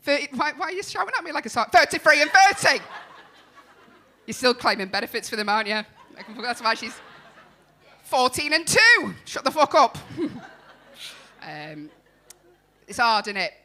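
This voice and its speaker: A woman hosts a comedy club night on stage, bantering bluntly with the crowd through a handheld mic. Her voice is high and bright, and it bounces all over the place with a lively, animated lilt. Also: moderate pace, pauses often. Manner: teasing, banters bluntly with the audience. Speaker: compere. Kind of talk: crowd work and introducing acts.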